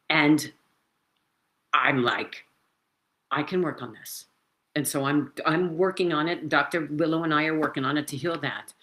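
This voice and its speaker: With a low-pitched voice, a woman in her seventies shares her own story in an animated, emphatic, casual way, using her hands as she talks. She's indoors, speaking into a computer mic.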